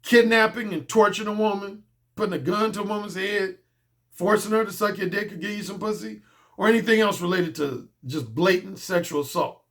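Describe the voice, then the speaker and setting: A man's voice: sits high, brisk, a bit bright. A man speaking as a dating coach in a blunt, casual monologue, emphatic and profane, often repeating his key points.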